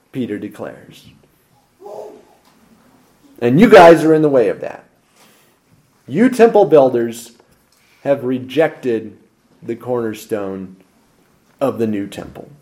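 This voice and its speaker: A male pastor delivers a sermon, posing rhetorical questions and alternating between loud emphasis and quiet asides. His voice is medium in pitch and animated, and he speaks slowly with long pauses.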